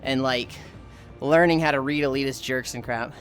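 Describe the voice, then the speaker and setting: A woman streamer telling a casual, animated story with lots of swearing, acting out the other people's voices. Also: extremely low pitch, moderate pace, soft background music. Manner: animated, profane, acts out voices.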